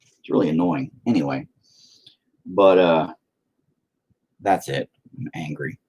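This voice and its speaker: A man's voice: a bass voice, takes it slowly, darkish tone, breathy edge. A man rambling to himself while painting, profane and self-deprecating. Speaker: painter talking to camera. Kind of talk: rambling casual monologue.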